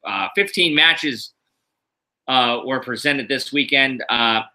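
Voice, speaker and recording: A man's voice: medium pitch, expressive, slow pace, pushed and bright, poor audio. A middle-aged man from the US East Coast, hosting a wrestling show on a live stream at home, rambling with fillers and sounding tired. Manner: rambling, many fillers, tired but upbeat. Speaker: wrestling podcast host. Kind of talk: casual live-stream chat. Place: home room.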